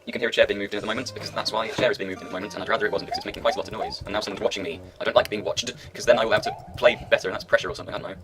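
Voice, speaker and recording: A man's voice: lowish voice, fairly even intonation, very fast, hardly any pauses, music in the background. A man giving rambling, self-mocking commentary while he plays a video game, talking half to himself. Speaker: let's play gamer.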